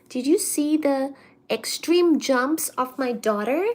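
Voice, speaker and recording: A woman's voice: sits high, lively intonation, slow pace, darkish tone. A woman hosting a casual live study stream from home, chatty and full of fillers, cooing baby talk to her cat between topics. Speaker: livestream host. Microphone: computer mic during a livestream.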